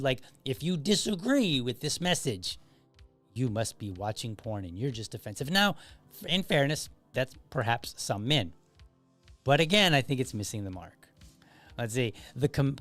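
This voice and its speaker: A man's voice: medium pitch, a bit bright. A man hosting his podcast, talking through comments in a loose, conversational way full of restarts and asides. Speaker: podcast host. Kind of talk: casual solo commentary.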